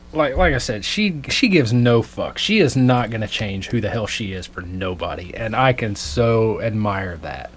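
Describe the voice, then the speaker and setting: Crude laughing man spinning yarns, slow-paced. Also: medium pitch. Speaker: podcast co-host. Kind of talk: casual chat.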